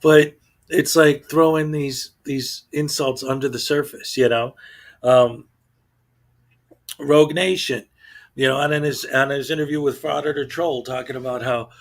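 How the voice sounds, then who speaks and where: A man hosts his own channel and talks in an exasperated, casual commentary style. He often trips over his words, repeating them and starting sentences over. His voice sits at an ordinary middle pitch. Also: fairly even intonation, measured pace. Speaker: channel host.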